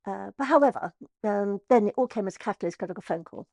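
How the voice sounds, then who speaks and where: A middle-aged woman, an estate agent telling her story in an interview, chatty and animated. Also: medium pitch, fast, gravelly, dry recording, clean studio sound. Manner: chatty, animated, acts out quoted voices.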